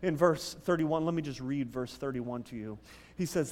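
A man preaching a sermon, conversational and animated, telling stories and teasing the congregation. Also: mid-range voice, moderate pace, big-room sound. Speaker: pastor. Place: church sanctuary.

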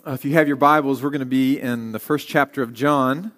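A man's voice: mid-range voice, steady tone, brisk, fairly bright tone. A man, a guest preacher, giving a conversational sermon and reading scripture aloud. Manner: conversational, with fillers.

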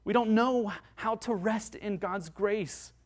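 A male pastor preaching a sermon in an earnest way, moving between hushed and loud passages. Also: high-pitched, takes it slowly.

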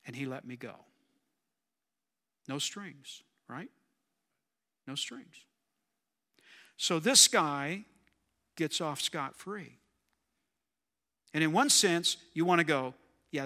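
A man's voice: fairly high pitch, very animated, slow, long pauses, pushed and bright, in a large hall. A man preaching a sermon in a conversational way, often asking his listeners questions. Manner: conversational, asks the audience questions.

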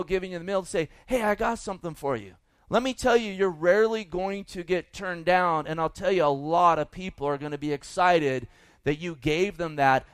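A man's voice: sits high, smooth, no room sound. A man preaching a sermon as pastor, folksy and emphatic, with asides to the congregation.

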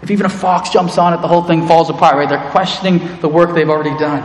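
A man's voice: fairly high pitch, fast talker, hardly any pauses, a little hiss or hum. A man preaching a sermon as pastor, earnest, speaking to the congregation as friends. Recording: echoey hall with long reverb.

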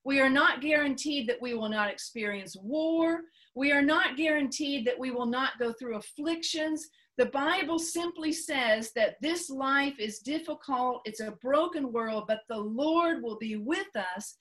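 Woman, preacher, earnest sermon, high-pitched, slow, repeats for emphasis. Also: a bit bright. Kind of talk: sermon teaching.

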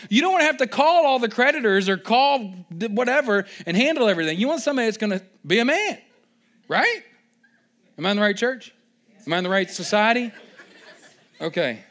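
A young adult male pastor preaching a sermon, emphatic and playful, building to loud excited stretches and tossing in joking mock voices. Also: high-pitched.

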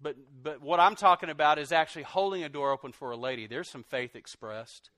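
A middle-aged pastor preaches in an animated way, bursting out loudly and then dropping to soft, confessional tones. His voice sits a little high for a man. The recording is dry and close, with little room sound. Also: fairly quick, no echo. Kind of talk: sermon.

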